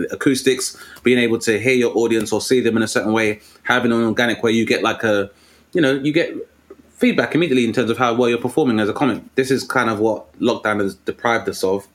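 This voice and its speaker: A man, a comedian talking articulately and animatedly in a casual conversation. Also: medium pitch. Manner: articulate, animated storytelling with put-on voices.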